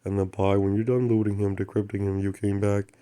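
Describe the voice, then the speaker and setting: A man's voice: fairly low pitch, little pitch movement, a little fast, clean tone. A man hosting his own channel, telling a rambling spiritual story in broken grammar and repeating affirmations like a chant. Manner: drops to soft unvoiced murmurs at times. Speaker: channel host.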